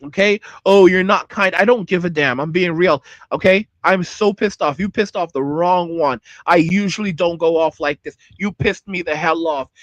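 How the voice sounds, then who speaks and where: A man's voice: on the high side, normal speed, hardly any pauses, a bit bright, no room sound. A man hosting a livestream, ranting angrily at chat and repeating himself. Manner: angry, heated, repeats himself. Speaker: channel host. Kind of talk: livestream rant reacting to chat.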